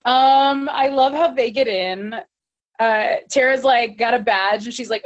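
A woman's voice: a little high, measured pace, lo-fi sound. A woman co-hosting a podcast, chatting casually as she recaps an episode and quotes the characters. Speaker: podcast co-host.

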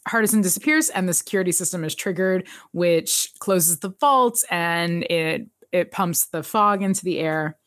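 A woman co-hosting a podcast, recapping a TV episode in animated casual chat and laughing often. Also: lowish voice, no echo, clean studio sound. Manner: animated, laughs often, jumps into quoted voices.

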